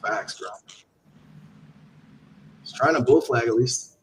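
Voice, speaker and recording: A man hosting a live trading stream over online voice chat, with a middle-pitched voice. He is laid-back and slangy and thinks out loud as he walks through the charts. There is a faint noise under his voice. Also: takes it slowly. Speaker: livestream host and trader. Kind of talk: casual live trading commentary.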